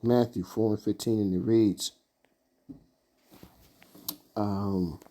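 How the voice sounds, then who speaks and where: A man leading an informal scripture study, halting and searching for words with many fillers as he reads and explains verses. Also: lowish voice, steady tone, mellow. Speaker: Bible teacher.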